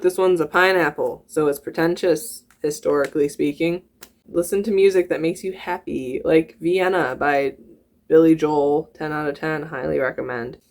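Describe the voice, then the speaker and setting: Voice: medium pitch, fairly bright tone. A YouTuber talking casually to camera in a put-on American country accent, rambling and giggling between thoughts. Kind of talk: casual reaction vlog.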